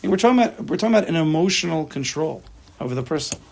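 A fairly high-voiced man with a gravelly, husky edge, teaching a religious text class. He speaks emphatically and slips into the voices of imagined people to make his points. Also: expressive, racing, darkish tone. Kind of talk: Torah class lecture, explaining a text to students.

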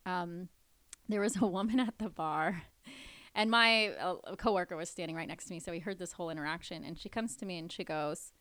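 A woman co-hosting a casual podcast, telling stories from her bartending work in an animated way and acting out what people said. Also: fairly low pitch, a little fast, no room sound. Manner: animated, acts out quotes with laughter. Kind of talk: casual chat and storytelling.

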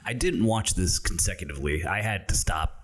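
Deep-voiced man telling wry anecdotes. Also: expressive, fairly quick, fairly bright tone. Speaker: podcast co-host. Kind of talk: casual movie-review chat.

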